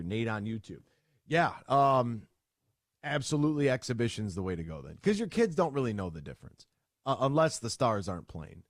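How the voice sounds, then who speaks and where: A man's voice: medium pitch, moderate pace, no echo, clean studio sound. A man hosting a sports radio show, talking casually and bluntly, acting out conversations as he tells stories. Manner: animated storyteller, acts out both sides of conversations; blunt and opinionated. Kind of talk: casual sports talk monologue.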